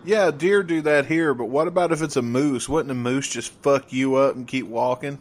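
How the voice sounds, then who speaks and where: A man's voice: mid-range voice, moderate pace. A man co-hosting a casual podcast, rambling and tripping over his words, laughing often. He is from the southern United States. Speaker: podcast co-host.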